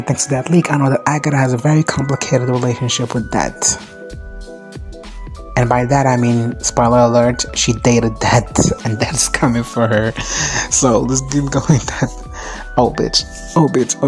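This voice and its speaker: A vlogger giving a casual, profane and gushing recap of a show, chatty and quick to jump into quoted bits. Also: mid-range voice, steady tone, soft background music. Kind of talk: casual crack recap reaction.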